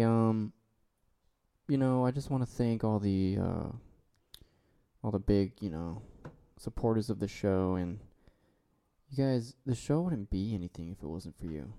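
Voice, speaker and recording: A man with a very dark, low-toned voice hosts a comedy talk show by himself. He drawls slowly, drifting from one absurd thought to the next in a deadpan manner.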